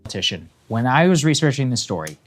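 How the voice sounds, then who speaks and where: A man's voice: medium pitch, fast talker, soft background music. A man giving political commentary in a casual chat, often restarting and filling with "like". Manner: animated, restarts a lot, says "like" often.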